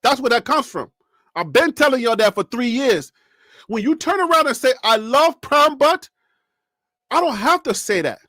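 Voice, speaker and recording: A man hosting a sports talk channel, talking straight to his viewers and chat in a lively, animated way and laughing often. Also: extremely high pitch, moderate pace, slightly rough, no room sound, studio quality. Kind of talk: casual live-stream commentary.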